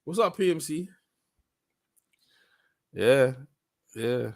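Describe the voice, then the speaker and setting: A man hosting a boxing live stream in casual chat, excitable and repeating himself often. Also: mid-range voice, very slow, gravelly, crowd noise. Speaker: boxing livestream host.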